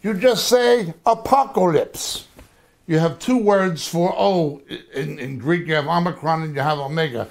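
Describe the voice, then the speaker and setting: Slow-spoken, high-voiced male Bible teacher. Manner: slow, deliberate, repeats terms to drill them. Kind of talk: teaching lecture on biblical languages.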